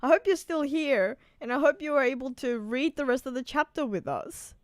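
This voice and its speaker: A woman's voice: sits high, moderate pace, dry recording, studio quality. A woman chatting casually on a live stream, reading out and answering viewer messages. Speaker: streamer reacting to a manga chapter.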